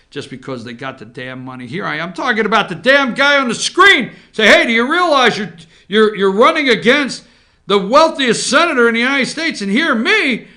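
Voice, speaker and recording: A man's voice: a little high, bright, forceful tone. A man hosting a casual political commentary show, rambling and sarcastic as he gets fired up. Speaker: host.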